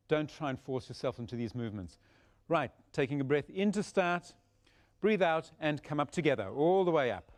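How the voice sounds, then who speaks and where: A man teaching a Pilates class, giving steady, encouraging cues paced by the breath. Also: a little high. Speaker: Pilates instructor. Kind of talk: guided exercise instruction.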